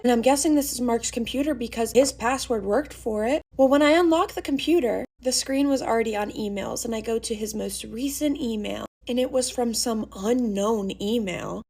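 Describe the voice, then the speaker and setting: A young woman casually narrating a dramatic first-person story, chatty and animated, acting out her own panicked lines. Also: on the high side, vocal fry.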